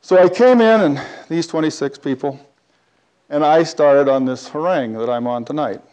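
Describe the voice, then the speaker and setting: A man telling a personal story in a talk, animated, with big swings between loud and quiet. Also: fairly high pitch, moderate pace, smooth.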